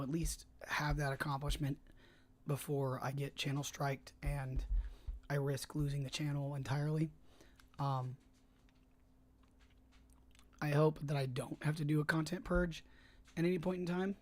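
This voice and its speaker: A livestreamer chatting casually while editing a fan film, talking around a cough drop in a rambling, hesitant way. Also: mid-range voice. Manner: rambling, hesitant, many fillers and restarts. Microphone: desk microphone, tested on stream.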